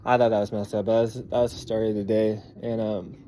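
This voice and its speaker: A man's voice: on the low side, level tone, quick pace, dark tone, a little hiss or hum. A man in his twenties, a father, telling a story to the camera in a loose, conversational way, with plenty of fillers and some swearing. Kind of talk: casual storytelling vlog.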